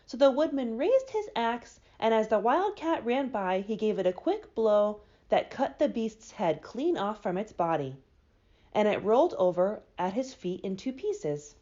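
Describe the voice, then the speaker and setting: A woman librarian reading a children's book aloud with expressive storybook delivery. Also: fairly high pitch, unhurried, muffled recording.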